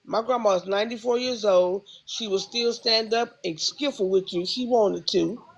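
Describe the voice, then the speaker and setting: Woman livestream host, gravelly, heated and repetitive rant, mid pitch. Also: normal speed, rough recording.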